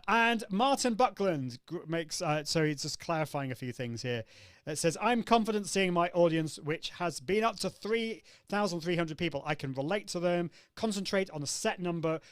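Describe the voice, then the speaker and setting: A man's voice: fairly high pitch, smooth, no room sound, clean studio sound. A man hosting a live online coaching session, upbeat and demonstrative, acting out vocal exercises as he explains them. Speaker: host.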